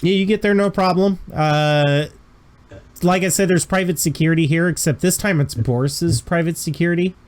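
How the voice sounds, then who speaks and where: A man's voice: on the high side, moderate pace. A man running a tabletop role-playing game as game master, narrating scenes in a casual, descriptive way. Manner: casual, descriptive, chuckling asides.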